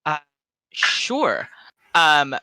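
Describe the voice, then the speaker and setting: A man's voice: fairly high pitch, huge pitch swings, extremely slow, pushed and bright, no echo. A man narrating a tabletop game as game master, loose and rambling with lots of fillers.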